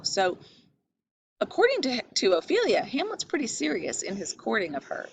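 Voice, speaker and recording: A woman's voice: fairly high pitch, wildly swooping pitch, moderate pace, a little hiss or hum, low-quality recording. A woman teaching a lecture on a play, explaining patiently, asking questions and stressing key words. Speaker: literature teacher.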